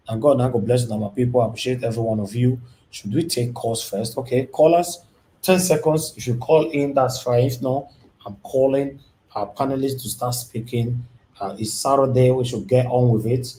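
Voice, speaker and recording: A man's voice: mid-range voice, mellow. A man with a Nigerian accent hosting a live-stream call-in show, casual and teasing, shifting between formal and street speech.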